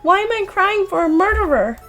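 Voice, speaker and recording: A woman voicing an earnest, emotional teenage schoolgirl heroine in a horror visual novel, in a high, urgent voice. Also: a little slow, faint music behind. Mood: tearful.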